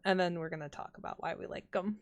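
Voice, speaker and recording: A woman co-hosting a podcast in casual chat, giggly and quick to burst out laughing. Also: on the low side, fairly even intonation. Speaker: podcast co-host.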